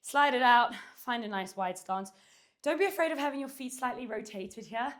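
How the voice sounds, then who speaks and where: A woman's voice: fairly high pitch, expressive, fairly quick. A woman teaching a Pilates and dumbbell workout at home, out of breath, cueing and counting reps while she exercises, recorded by a camera at a distance. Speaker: Pilates instructor. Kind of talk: workout instruction. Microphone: far camera.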